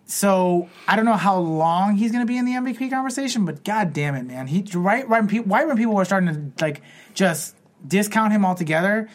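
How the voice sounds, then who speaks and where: A man's voice: high voice, expressive, fairly quick. A man hosting a casual podcast, steering the talk with questions and moving it to new topics. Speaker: podcast host leading the topics. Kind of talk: casual chat.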